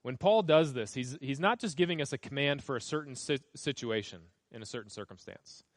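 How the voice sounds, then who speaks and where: A man's voice: mid-range voice, animated, a little fast, no echo. A male pastor preaching a sermon, reading scripture aloud and stressing key phrases by repeating them.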